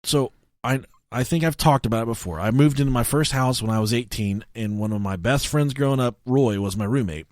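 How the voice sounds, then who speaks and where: A young man co-hosting a podcast, telling stories in a casual, animated way, swearing often and shouting when acting out scenes. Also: medium pitch, brisk, dry recording, clean studio sound. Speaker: podcast co-host.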